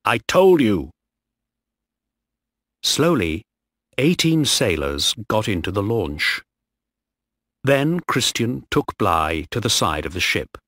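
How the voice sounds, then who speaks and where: A man narrating a story slowly and clearly for English learners. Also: fairly low pitch, sing-song, bright, forceful tone, no room sound, clean studio sound. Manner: slow, clear reading.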